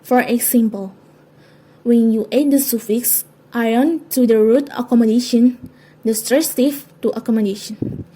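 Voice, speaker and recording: A woman's voice: fairly high pitch, a little slow, mellow, slightly rough, poor audio. A woman reading a class presentation, carefully listing example words. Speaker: student presenter.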